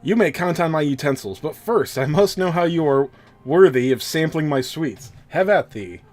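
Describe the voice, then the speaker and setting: A man's voice: on the high side, lively intonation, moderate pace, a little mellow, faint music behind, pitched above the performer's own voice, close to an everyday voice. A man voicing a male slime chocolatier, a former swordsman turned chef, who speaks in stiff, grand, archaic phrasing with a half-hearted French attempt. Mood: grandiose.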